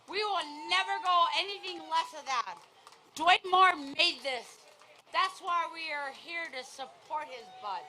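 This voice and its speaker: A woman's voice: high voice, sharp tone, a little hiss or hum, rough recording. A woman giving an emphatic, blunt tribute speech at a memorial, with swearing. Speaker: memorial speaker.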